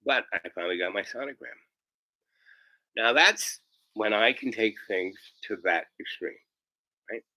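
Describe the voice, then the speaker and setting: A man's voice: on the low side, unhurried, pauses often, bright, forceful tone, no room sound, low-quality recording. A man telling a rambling comic anecdote, often tagging his lines with "right?". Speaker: storyteller.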